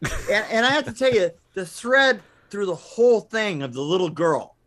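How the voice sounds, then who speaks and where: Halting man with a high voice. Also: big pitch swings, fairly bright tone. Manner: halting, repeats words as he gathers thoughts. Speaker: podcast co-host. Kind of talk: casual chat.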